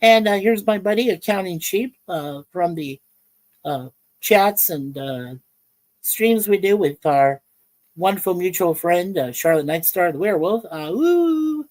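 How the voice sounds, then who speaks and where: A woman hosts a casual livestream from home. She rambles in halting phrases full of fillers and greets chat viewers by name. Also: lowish voice, a little mellow, low-quality recording. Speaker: livestream host. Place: home in Ontario, Canada.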